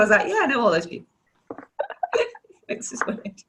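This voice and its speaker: A woman's voice: fairly low pitch, big pitch swings, normal speed, fairly bright tone, a little hiss or hum. A woman with a Manchester accent hosting a podcast, chatting casually, laughing often and acting out the people she quotes. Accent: Mancunian. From northern England. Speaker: podcast host. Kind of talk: casual chat.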